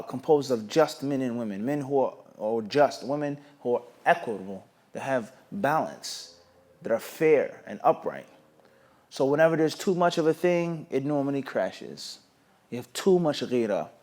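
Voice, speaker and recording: A man giving a sermon-style lesson in a live Q&A session, quoting Arabic, translating it and acting out the dialogue in his stories. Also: medium pitch. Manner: animated storytelling, acts out quoted dialogue with raised voice; quotes Arabic then translates. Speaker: Islamic scholar teaching. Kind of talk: Q&A sermon lecture. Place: recorded for an online Q&A stream.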